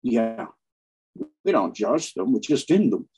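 Husky-voiced man preaching emphatically. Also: mid-range voice, very animated, unhurried, a little mellow, low-quality recording. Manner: preachy, emphatic, keeps acting out quoted people. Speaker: guest on online channels. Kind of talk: impassioned spoken monologue.

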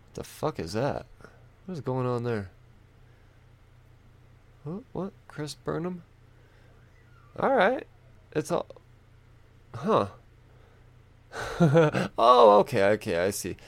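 Gravelly, rambling man. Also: medium pitch, no echo. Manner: rambling, loose and profane, thinking aloud. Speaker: comic book vlogger. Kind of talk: casual chat.

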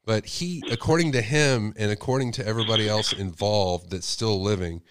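A man's voice: lowish voice, normal speed, background noise. Sick man hosting a call-in show. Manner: speculative, asks rhetorical questions. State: sick with a cold. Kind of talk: casual call-in show talk.

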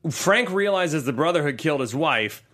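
Male podcast co-host, casual movie recap, lively and expressive, pitch a bit high, dips into gruff voices for quotes. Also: moderate pace. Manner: animated, drops into low gruff voices for quotes.

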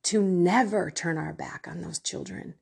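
Slow, breathy woman preaching fervently. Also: on the low side, a little mellow. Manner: fervent, earnest, speaks straight to the viewer. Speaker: Christian faith coach. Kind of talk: impassioned faith talk and prayer.

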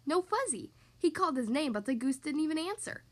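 A woman with a high, lively voice reading a picture book aloud to young kids. Her pitch rises and falls a lot as she tells the story, bright and expressive the whole way through. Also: a little fast. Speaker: podcast host reading to kids.

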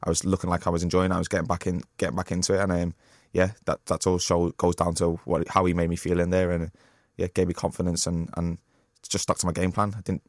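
Deep-voiced young man, fast talk. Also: monotone, dry recording, clean studio sound. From Liverpool, England. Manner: halting, many restarts and fillers. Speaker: professional boxer guest. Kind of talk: candid interview talk. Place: radio studio.

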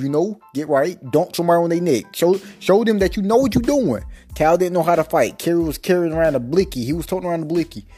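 Ranting podcast man, husky and dark. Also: mid-range voice. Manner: repeats himself, emphatic, slangy. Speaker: podcast host. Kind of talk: casual rant.

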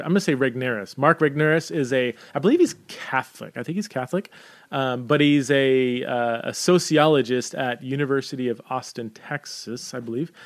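A man talking casually through book recommendations, halting often with fillers and restarts. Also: medium pitch. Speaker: book reviewer.

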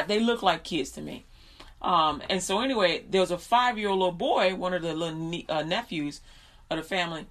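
A woman telling a story in a casual, conversational way, with fillers and restarts, who becomes animated as she retells it. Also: medium pitch. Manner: animated, laughs and shouts while retelling. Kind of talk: casual storytelling with faith talk.

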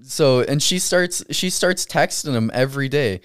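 A man's voice: mid-range voice, animated, moderate pace, a bit bright, clear, resonant tone, no room sound, clean studio sound. Laughing young man telling stories. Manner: laughing often, mimicking people in exasperated quotes. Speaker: guest recalling military clinic work abroad. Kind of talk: casual chat.

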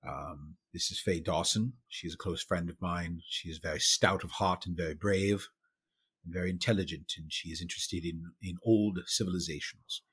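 A man plays an earnest, loyal adventurer in a tabletop game, speaking formally and sincerely. His voice is very deep with a husky edge. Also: steady tone, normal speed, fairly bright tone, exaggerated voice.

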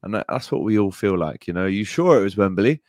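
A man's voice: lowish voice, expressive, fast talker, darkish tone, no room sound, studio quality. A man co-hosting a podcast in casual chat, enthusiastic and heartfelt, often calling his co-host "mate" and "bro". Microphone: podcast microphone.

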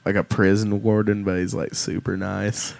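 A man, a stand-up comedian guest, chatting casually on a podcast in a halting, jokey way with lots of ums. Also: fairly low pitch, flat delivery, creaky, darkish tone, dry recording.

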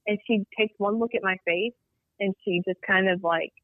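A woman guest telling an eerie personal story in an animated, rambling way, acting out what people said. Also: mid-range voice, moderate pace, no room sound. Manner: animated, rambling storyteller who acts out dialogue. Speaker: guest telling a Bigfoot encounter. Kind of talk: storytelling on a call-in interview. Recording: tinny dry phone line.

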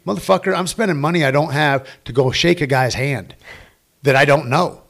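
A man's voice: fairly high pitch, fairly quick, gravelly, fairly bright tone. A man who works as a stunt performer, telling rambling, profane anecdotes with quoted dialogue in a casual interview.

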